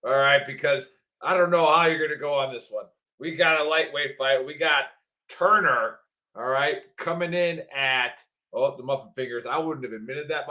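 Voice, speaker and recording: A man's voice: medium pitch, sharp tone. A man hosting a casual veteran podcast, joking sarcastically and laughing as he sets up fight picks. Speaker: podcast host running the picks. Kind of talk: casual chat.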